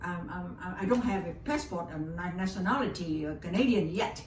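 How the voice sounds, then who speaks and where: A woman's voice: lowish voice, a little fast. An older woman from Vietnam with a Vietnamese accent, speaking English as a second language as an interview guest, telling a personal story with feeling and often repeating her words. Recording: roomy and distant with faint background hiss.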